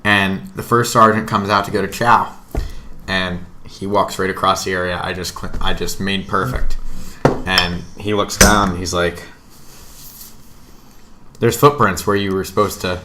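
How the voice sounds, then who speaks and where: A young man co-hosting a casual podcast, telling stories with profane, animated energy. His voice sits low yet sounds bright and forceful. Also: measured pace, long pauses, slight background noise. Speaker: podcast co-host. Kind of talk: casual storytelling among friends.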